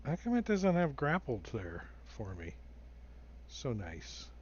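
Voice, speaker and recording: A man's voice: medium pitch, wildly swooping pitch, slow, a little mellow, highs cut off, a little hiss or hum. A man running a tabletop role-playing game as dungeon master, musing aloud and laughing often.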